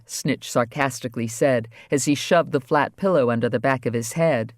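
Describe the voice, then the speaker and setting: A man reading a crime novel aloud as audiobook narrator, wry and steady. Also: mid-range voice, normal speed, hardly any pauses, no echo, studio quality. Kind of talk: scripted narration.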